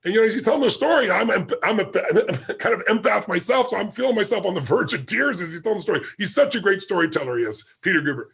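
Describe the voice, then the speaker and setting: A man's voice: high-pitched, animated, fast, gravelly, hardly any pauses, fairly bright tone, husky. A man being interviewed as a guest, telling a story vividly and acting out the quoted dialogue. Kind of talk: animated anecdotal storytelling.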